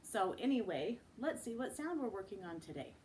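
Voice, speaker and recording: A woman teaching a children's phonics lesson. She models each sound slowly and with exaggeration, and breaks into sing-song chants. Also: medium pitch, big pitch swings, background noise. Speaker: speech and language teacher.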